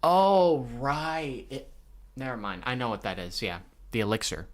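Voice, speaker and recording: A man reads a comic aloud and reacts to it page by page. His delivery is unhurried and casual, with frequent swearing and heavy sighs. He sits in a mid range, neither high nor low. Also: very animated. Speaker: manga reader reacting. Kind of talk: live reading reaction commentary.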